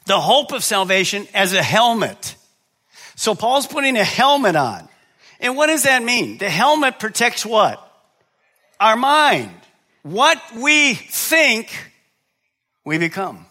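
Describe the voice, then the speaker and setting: A little slow and full of big pitch swings, a middle-aged man preaches to his congregation as their pastor. He drifts between low, quiet asides and high, loud exhortation, answering the very questions he puts to the crowd.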